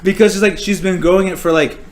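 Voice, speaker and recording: A man's voice: sits high, fairly even intonation, fast talker, a little hiss or hum. A young man casually telling a funny story on a podcast, swearing and laughing as he goes. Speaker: podcast co-host.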